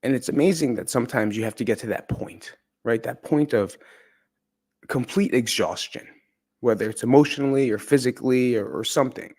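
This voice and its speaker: A man's voice: medium pitch, brisk, a little mellow, husky. A man candidly telling a personal story in a conversational, profane way. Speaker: podcast speaker.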